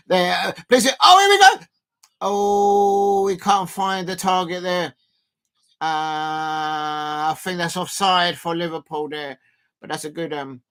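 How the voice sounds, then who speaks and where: Guy doing a footy watch-along stream, highish voice, lots of ums, gets hyped on chances. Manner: rambling, filler-heavy, bursts of excitement at chances. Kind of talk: live watch-along commentary.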